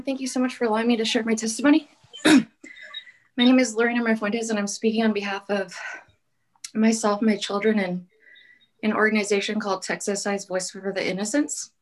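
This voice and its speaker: A woman's voice: medium pitch, low-quality recording. A woman giving earnest, pleading public testimony over a call, with frequent ums. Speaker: public commenter. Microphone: call-in audio.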